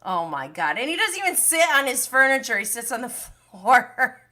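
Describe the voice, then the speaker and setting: A woman hosting a casual reality TV recap livestream, animated and gushing, laughing often and swearing casually. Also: on the high side, normal speed.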